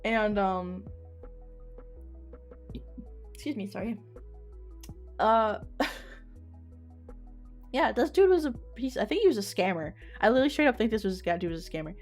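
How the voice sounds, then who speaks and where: A woman's voice: medium pitch, animated, normal speed, pauses often, darkish tone, soft background music. A young woman streamer telling a story in casual chat, rambling with lots of "like" fillers and casual swearing. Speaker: VTuber streamer.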